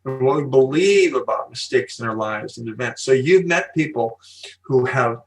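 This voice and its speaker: Older man speaking slowly and emphatically. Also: mid-range voice, expressive, recorded from a distance, poor audio. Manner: emphatic, slow deliberate pauses, storytelling. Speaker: guest, psychology speaker. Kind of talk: podcast interview.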